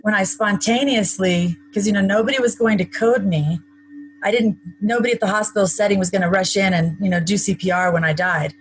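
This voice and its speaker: A woman's voice: medium pitch, a little fast, slight background noise, poor audio. Chatty woman telling a personal story. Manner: chatty, matter-of-fact, with wry asides. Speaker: interview guest. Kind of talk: recounting a personal story in conversation.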